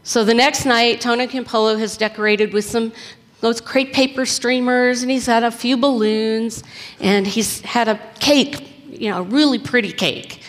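A woman preacher telling a story in a conversational, animated sermon. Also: a little high, moderate pace. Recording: echoey hall reverb.

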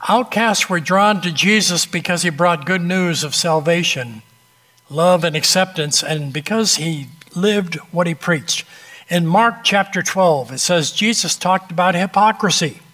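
The man's voice sits high and carries a bit of brightness as he preaches, pausing dramatically while telling an illustrative story in a plain, conversational, direct style.

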